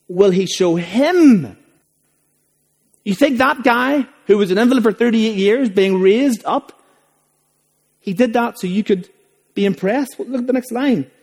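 A pastor preaches a sermon in an extremely high, animated, darkish voice at a moderate pace. He's emphatic and full of rhetorical questions, and the recording carries the long reverb of a large hall.

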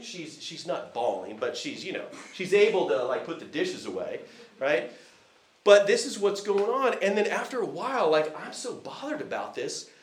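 A man preaching a conversational sermon from the United States, telling a family story with frequent fillers and restarts. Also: fairly high pitch. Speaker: visiting preacher. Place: church hall. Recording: echoey church hall.

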